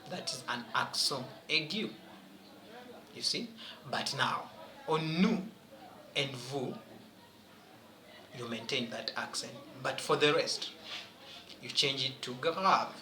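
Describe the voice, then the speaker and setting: A man coaching students for an exam, pressing each point and quizzing them as he goes. His voice is very bright and forceful, with slow, deliberate delivery. The recording is roomy, with faint ambience behind. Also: mid-range voice. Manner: emphatic, asks students rhetorical questions. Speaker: French teacher. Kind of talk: exam prep lesson.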